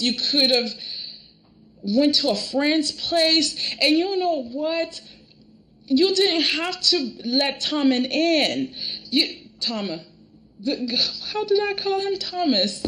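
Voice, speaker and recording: A woman giving casual review commentary on a soap opera, animated and exasperated, often restarting her sentences. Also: high voice, poor audio.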